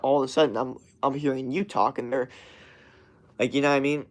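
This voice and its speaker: A young man with a mid-range voice talks fast with lively intonation, ranting casually to his stream chat. He swears constantly and rambles, full of fillers and restarts.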